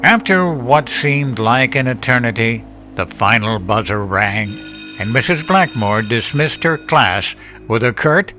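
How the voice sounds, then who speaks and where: A man giving scripted horror story narration in a measured, deliberate storytelling manner. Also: medium pitch, animated. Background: music.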